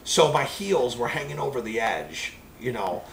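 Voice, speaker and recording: A man preacher gives a personal testimony, rambling and animated as he tells it. His voice has a gravelly edge at an ordinary male pitch. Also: normal speed, a little hiss or hum, rough recording.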